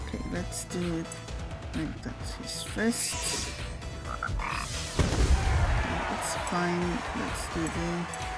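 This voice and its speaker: A woman streamer chatting casually while gaming, relaxed and friendly, greeting viewers by name. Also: fairly low pitch, vocal fry.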